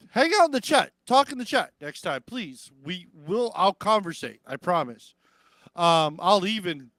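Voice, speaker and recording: Slightly high-voiced american guy hosting a live stream, rambly and cussing, smooth clear voice, dry sound. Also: fairly bright tone, dry recording. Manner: rambling, profane, mimics others in raised voice. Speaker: podcast host. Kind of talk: casual live-stream chat.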